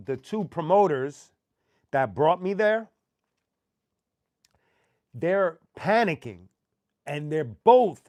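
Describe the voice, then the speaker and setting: A man hosting a show, casually telling a profane, animated anecdote full of slang. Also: on the high side, no echo, studio quality. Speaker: host. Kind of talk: casual storytelling.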